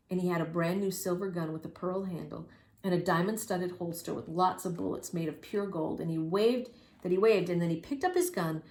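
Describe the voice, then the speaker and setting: A woman reading a children's story aloud with lively, expressive storytelling and spoken sound effects. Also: fairly low pitch. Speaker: reader. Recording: roomy echo.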